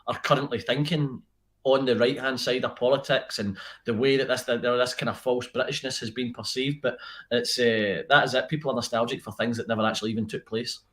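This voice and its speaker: A man's voice: mid-range voice, steady tone, a bit bright. Scottish man, thoughtful band guest. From Scotland. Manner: thoughtful, halting, then earnest. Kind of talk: casual radio interview.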